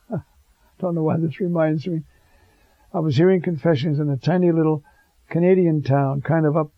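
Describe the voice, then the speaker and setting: A male priest giving a sermon in a fervent, animated way, chuckling now and then. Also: a little high, creaky, no echo. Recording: dull lo-fi dry recording.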